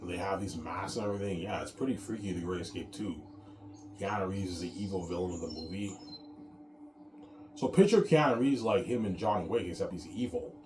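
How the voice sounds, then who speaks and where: A man's voice: deep voice, fairly quick, reverberant, noisy background. A man hosting his own show in a casual, rambling monologue, repeating himself and tagging his sentences with "man.". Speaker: show host.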